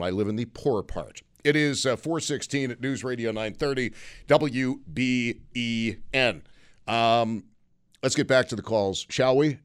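A man's voice: medium pitch, smooth. A middle-aged man hosting call-in talk radio in a studio, sarcastic and joking, rambling with restarts. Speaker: radio talk show host. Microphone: studio microphone.

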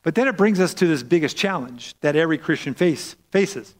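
A man preaching a sermon in a lively way, repeating words and often asking "right?". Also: fairly high pitch, a little fast, slight background noise. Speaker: pastor. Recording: long reverb of a hall.

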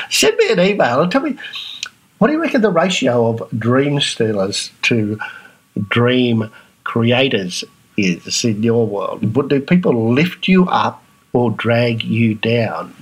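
A man with an Australian accent talking casually as a podcast host, acting out other people's reactions in a higher voice. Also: very animated, slow pace, husky, rough recording. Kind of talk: casual monologue.

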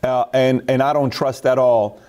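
A man's voice: medium pitch, fairly even intonation, moderate pace, a little mellow. A man talking in an emphatic, opinionated way, telling stories with quotes. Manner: emphatic, storytelling with acted quotes. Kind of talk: opinionated casual talk.

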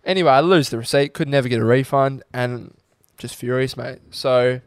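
Young aussie bloke on a podcast, swears a lot, mid-pitched, dry close mic. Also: male voice, moderate pace, no room sound. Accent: Australian. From Australia. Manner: swears freely, tells stories with quoted voices. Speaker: podcast co-host. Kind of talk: casual chat.

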